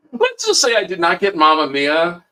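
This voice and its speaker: Bright, animated man in his fifties. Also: sits high, poor audio. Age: 50s. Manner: enthusiastic, laughs easily. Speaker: co-host. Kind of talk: casual interview chat.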